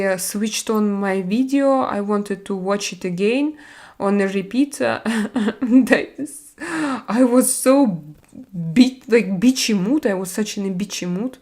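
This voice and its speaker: A woman's voice: medium pitch, darkish tone. Chatty woman with a Russian accent. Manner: halting, with many fillers and restarts; blunt and chatty. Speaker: live-stream host. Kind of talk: casual live-stream chat reading viewer comments.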